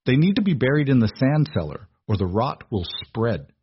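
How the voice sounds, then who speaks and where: A man's voice: mid-range voice, sing-song, moderate pace, slight background noise, pitched above the performer's own voice, natural voice. A man voicing a feverish young woman who slurs her weak, stubborn protests, in a dull lo-fi recording. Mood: confused.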